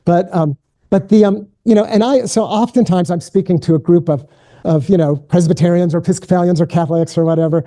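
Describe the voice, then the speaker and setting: Gentle, mellow-voiced male keynote speaker. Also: high voice, steady tone, a little fast. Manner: gentle, invitational, self-deprecating asides. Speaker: keynote speaker and spiritual director. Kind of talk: guided contemplative prayer, then lecture.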